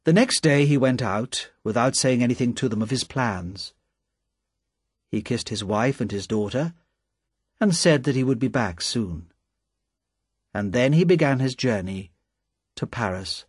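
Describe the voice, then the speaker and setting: Husky guy reading a storybook, calm measured pace, dry close sound. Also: mid-range voice, no echo. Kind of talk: storybook narration.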